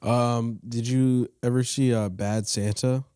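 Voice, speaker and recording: A man's voice: medium pitch, steady tone, slow pace, dark tone, clear, resonant tone, no room sound, clean studio sound. A young man co-hosting a podcast in casual chat, laid-back and slangy, often hesitating. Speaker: podcast co-host.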